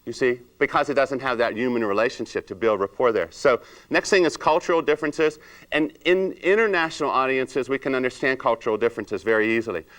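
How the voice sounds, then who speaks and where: Speaking fairly quickly at medium pitch, a man runs a salon industry training seminar. He animatedly acts out client conversations in a raised voice and throws rhetorical questions at the audience.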